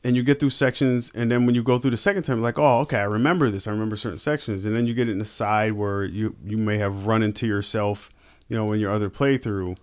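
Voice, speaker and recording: A man in a casual podcast chat, telling stories in an animated way and swearing casually. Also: lowish voice, fairly quick, smooth.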